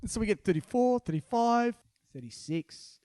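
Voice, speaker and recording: A middle-aged man telling a dramatic anecdote in a lively, theatrical way, jumping up in pitch to act out the people in it. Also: moderate pace, long reverb tail. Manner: dramatic storyteller, acts out quoted people with big pitch jumps. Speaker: storyteller guest.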